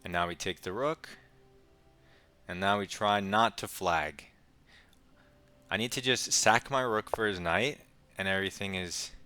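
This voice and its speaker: A young man giving casual, quick play-by-play of his own chess game with wry asides. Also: sits low, bright, forceful tone, slight background noise. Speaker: chess streamer. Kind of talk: casual live game commentary.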